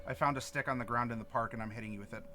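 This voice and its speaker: A man's voice: mid-range voice, very fast, bright, forceful tone, a little hiss or hum. A young man running a tabletop game as game master, playful and laughing often.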